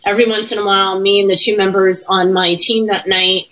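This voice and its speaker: A woman's voice: medium pitch, level tone, a little fast, lo-fi sound. A woman who investigates the paranormal, telling what happened on an investigation in plain storytelling and acting out what people said. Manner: plain storytelling that acts out quoted talk. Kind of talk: casual interview storytelling.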